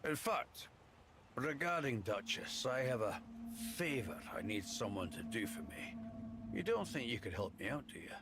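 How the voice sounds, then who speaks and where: A man's voice: medium pitch, sing-song, normal speed, heavy background noise. An actor voicing a guarded, earnest man in a video game. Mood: matter-of-fact. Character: guarded regular man talking about a phone line.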